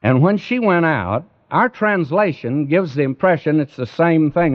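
A man's voice: a little high, big pitch swings, a little slow, few pauses. Male preacher, earnest, direct address, dull lo-fi recording. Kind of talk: radio Bible sermon.

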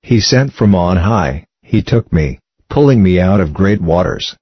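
A man with a very deep, low voice reads scripture in a measured, steady way. The sound is dry, with no room around it, and the recording is dull and lo-fi. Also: dry recording. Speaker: scripture reader. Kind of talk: scripted reading of psalms.

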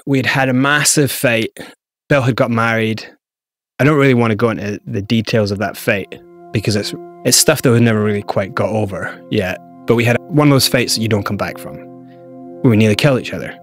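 A man's voice: medium pitch, a little fast, faint music behind. A Scottish man, an interview guest, telling a story candidly and acting out other people's lines.

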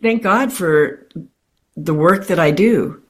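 A woman with a low voice recounts a personal experience as an interview guest. She talks in animated, quick bursts and keeps restarting her sentences.

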